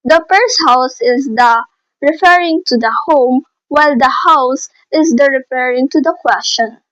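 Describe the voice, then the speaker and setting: Woman, high voice, dry dull lo-fi sound, scripted reading. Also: unhurried, fairly bright tone, no echo. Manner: reads a prepared script with small slips. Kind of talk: scripted lesson presentation. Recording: dull, dry low-fi recording.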